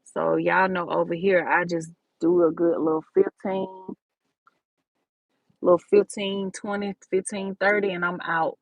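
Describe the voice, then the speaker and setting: A woman's voice: fairly low pitch, little pitch movement, a little slow, no room sound, rough recording. A woman, talking straight to her viewers in a casual livestream, calling them baby and y'all. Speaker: livestream host.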